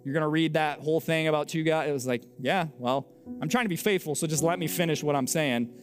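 A young man preaching, his voice pitched somewhat high as he tells a story. He is lively and pokes fun at himself, and he acts out each side of the conversation. Soft music plays faintly underneath. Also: fast talker. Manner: animated, self-mocking, acts out dialogue. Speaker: pastor. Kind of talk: storytelling sermon.

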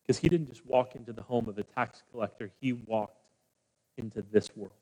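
A man preaching a sermon as pastor, with dramatic pauses, hushed low passages and rousing calls to the congregation. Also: fairly even intonation. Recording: long hall reverb.

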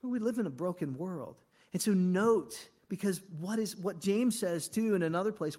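A man, a pastor, preaching a conversational sermon full of rhetorical questions, swinging between loud and hushed. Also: high voice, animated, normal speed.

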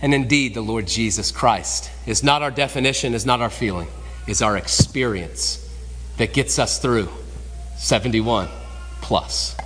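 A man preaching a sermon as pastor, emphatic, swinging between raised and hushed delivery. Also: mid-range voice, a little slow, breathy edge, big-room sound, soft background music. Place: church sanctuary.

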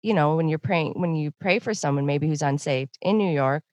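A woman's voice: low voice, a little fast, a little mellow, no room sound, muffled recording. A woman hosting a casual podcast interview, chatty and laughing often. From Canada. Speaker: podcast host.

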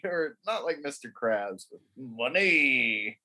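A man's voice: medium pitch, unhurried, pushed and bright. A man co-hosting a podcast, trading crude, sarcastic banter in a rambling, casual way. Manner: rambling, sarcastic, laughing often.

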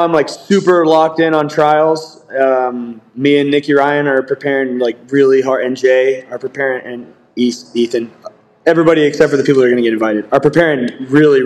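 A man's voice: mid-range voice, a little mellow, rough recording. A young man, a grappler guest on a podcast, who talks casually, laughs often and fills his speech with "like". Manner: easygoing, laughs often, says "like" a lot. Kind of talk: casual interview chat.

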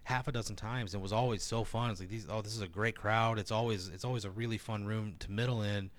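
This stand-up comedian speaks fast in a fairly low voice, telling a meandering story in a casual chat. It's animated, full of filler words, and peppered with swearing.

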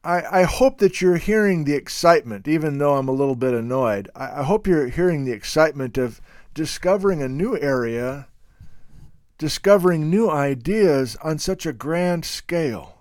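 A man hosting a casual, unscripted talk about geology. He speaks in an emphatic, animated and opinionated way. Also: on the high side, normal speed, dry recording, studio quality. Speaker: host.

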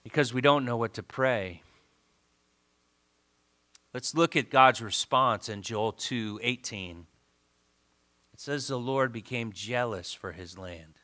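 Fervent male pastor with a bright, slow voice. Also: mid-range voice. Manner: swings from loud fervent exhortation to hushed pleading, repeats words when stirred. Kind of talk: sermon.

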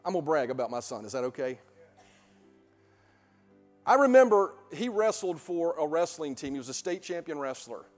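A middle-aged male pastor preaching a sermon in a church sanctuary, emphatic, full of rhetorical questions, building to loud peaks. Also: a little high, very animated, moderate pace, pauses often, in a large hall, faint music behind.

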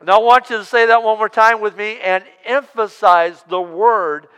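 A high-voiced man preaches from the pulpit, stretching out words slowly and calling on the congregation to say lines back with him. His voice is smooth and clear and rings through a reverberant church hall. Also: fairly even intonation, bright, forceful tone. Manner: preaching with call-and-response, drawn-out emphasis. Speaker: pastor. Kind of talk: sermon. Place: church sanctuary.

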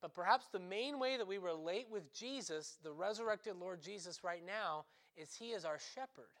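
Emphatic, conversational priest preaching a sermon. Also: male voice, sits high, expressive, moderate pace, fairly bright tone. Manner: talks in short phrases and often checks in with "right?"; restarts and corrects himself mid-sentence.

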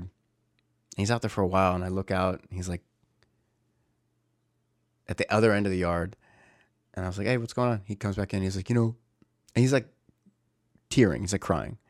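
A man's voice: low voice, a little fast, long pauses, no echo, studio quality. A young man candidly recounting a family conflict in casual speech, often stopping to correct himself. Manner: candid, searching, restarts often. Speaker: storyteller. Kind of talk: casual personal storytelling.

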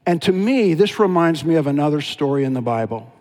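A pastor preaching a sermon, telling Bible stories in an animated, dramatic way. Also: male voice, a little high, fairly quick. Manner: storytelling, animated with dramatic retellings. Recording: long hall reverb.

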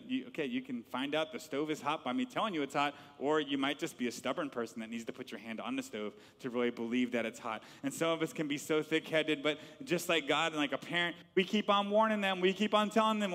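A middle-aged man, a pastor, preaching a sermon with animated storytelling and repeated words. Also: high-pitched, big-room sound.

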